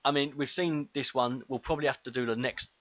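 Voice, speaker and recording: A man co-hosting a casual film review podcast, talking in a relaxed, hesitant way with plenty of fillers. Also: medium pitch, brisk, no room sound. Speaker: podcast co-host.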